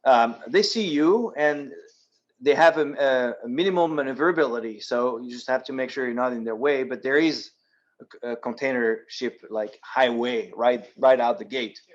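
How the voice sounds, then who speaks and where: A man's voice: medium pitch, normal speed, dull audio. A man from France with a French accent, a guest speaker answering audience questions in a practical, step-by-step way. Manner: practical, explains step by step with frequent ums and restarts. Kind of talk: presentation with audience Q&A. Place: yacht club meeting room.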